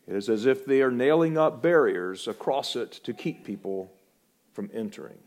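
A pastor preaching a sermon in a church, swinging between loud, emphatic proclamation and quiet, hushed warning. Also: male voice, mid-range voice, animated, normal speed.

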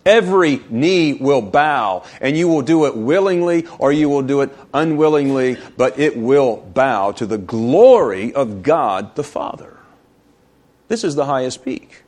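A male pastor preaching a sermon, building through emphatic rhetorical questions and slowing down to stretch key phrases. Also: mid-range voice, expressive, a little mellow.

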